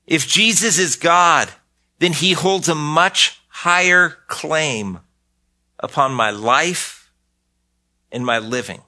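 A man's voice: fairly high pitch, slow pace, pushed and bright. An older man preaching a sermon as pastor, earnest, often repeating a word as he starts a phrase.

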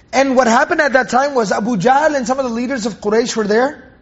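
A man teaching a Quran commentary lesson in an earnest way, repeating phrases for emphasis and reciting Arabic verses slowly. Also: very high-pitched. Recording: dull, muffled lo-fi recording.

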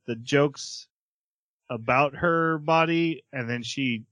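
A man with a bright, forceful voice chats casually on a podcast, retelling an anime episode scene by scene. He acts out the characters' lines as he goes and laughs often. The sound is close and dry. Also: medium pitch, takes it slowly, dry recording. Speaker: podcast co-host reviewing anime. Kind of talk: casual chat, recapping an episode.

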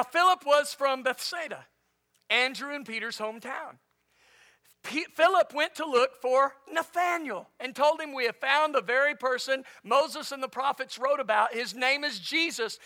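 A man preaching a sermon as pastor, animated, swinging between loud and soft. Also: extremely high pitch.

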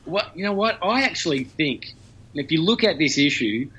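A man's voice: fairly high pitch, sing-song, normal speed, sharp tone, breathy edge. Male commentator on a dull line. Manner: talkative, explains at length with fillers. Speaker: regular news commentator. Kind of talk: conversational news commentary.

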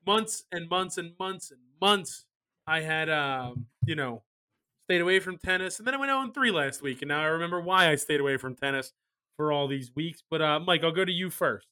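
Male podcast host, high and bright voice, wry ranting banter. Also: animated, normal speed. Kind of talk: casual sports betting podcast chat.

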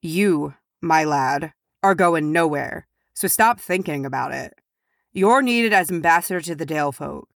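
A woman's voice: deep voice, a little slow, fairly bright tone, no room sound, clean studio sound. A woman voicing a stern male dwarf lord who talks bluntly and harshly.

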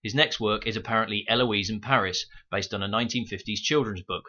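A man's voice: on the low side, steady tone, fast, bright, forceful tone. A man hosting a film podcast, reading scripted review notes with wry, sarcastic asides. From United Kingdom. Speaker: podcast host. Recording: muffled home microphone.

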